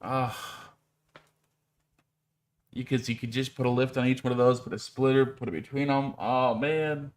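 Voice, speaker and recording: A man's voice: medium pitch, steady tone, normal speed, pauses often. A man co-hosting a game stream, reading viewer comments aloud and giving building tips in casual chat.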